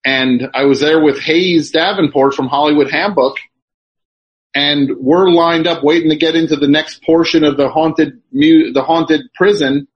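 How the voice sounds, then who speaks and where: A man's voice: on the high side, breathy edge. A man hosting a radio show, chatting casually. He tells rambling stories with lots of false starts and restarts, and he. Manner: rambling, halting storyteller with many restarts. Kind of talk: casual chat. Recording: dull, lo-fi sound.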